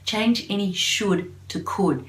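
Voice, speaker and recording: A woman's voice: mid-range voice, slow pace, reverberant, far from the mic. A woman giving a motivational talk to camera as a confidence coach, upbeat and encouraging, with frequent fillers and restarts.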